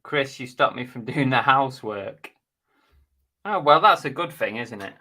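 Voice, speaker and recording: A man's voice: medium pitch, expressive, normal speed, sharp tone. A man hosting a casual live stream, chatting bluntly and jokily while reading out viewer comments.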